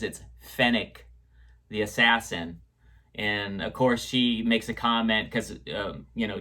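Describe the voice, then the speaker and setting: Bright-voiced man rambling about a show. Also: lowish voice. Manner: rambling, with many fillers and restarts; retells scenes and echoes quotes. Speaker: show reviewer. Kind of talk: casual review chat.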